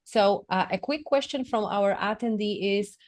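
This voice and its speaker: A woman's voice: medium pitch, moderate pace. A woman in a mid-range voice runs an online panel, reading out questions from attendees. She speaks over a video call with short, plain acknowledgements. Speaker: webinar moderator. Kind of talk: moderating a webinar.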